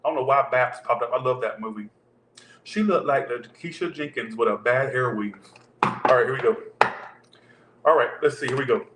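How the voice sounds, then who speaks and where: A man at a middle pitch gives a loose, rambling tarot reading aimed right at his viewers. His voice carries a roomy echo over a faint background hum. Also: moderate pace, pauses often, a bit bright. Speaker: tarot reader.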